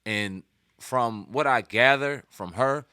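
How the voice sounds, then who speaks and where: A man's voice: mid-range voice, slow, sharp tone, smooth, dry recording, studio quality. A man hosting a hip hop news show, commenting in a loose, slangy, conversational way. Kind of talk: casual commentary.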